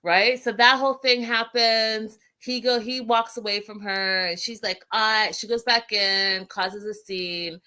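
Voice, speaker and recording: A woman hosts a chatty reality TV recap with a bright, forward voice. She tells scenes with lively retellings and laughs easily, talking straight to her viewers. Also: mid-range voice, a little slow, hardly any pauses, clear, resonant tone. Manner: animated storyteller, acts out quotes, laughs often. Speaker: host. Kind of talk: casual reality TV recap chat.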